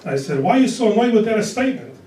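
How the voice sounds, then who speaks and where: A man in his early sixties performing a stand-up comedy set on a club stage, delivering dry one-liners in a deadpan way. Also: high voice, very fast. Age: 60s. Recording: echoey club recorded from a distance. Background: audience laughter.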